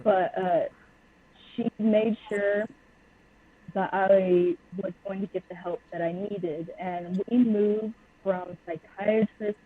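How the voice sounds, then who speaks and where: Husky young woman on a tinny line. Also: medium pitch, steady tone, slow pace. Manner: blunt and open. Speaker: podcast guest. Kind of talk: candid personal interview. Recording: tinny phone-line audio.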